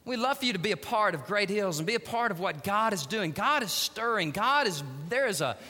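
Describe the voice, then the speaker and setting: A middle-aged man preaches a sermon, his voice high and ringing bright. He tells stories dramatically, dropping to a hush and then rising to loud emphasis. The sound carries the long reverb of a big church hall. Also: lively intonation, brisk. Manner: dramatic, emphatic storytelling, swinging between hushed and loud. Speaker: pastor. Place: church sanctuary.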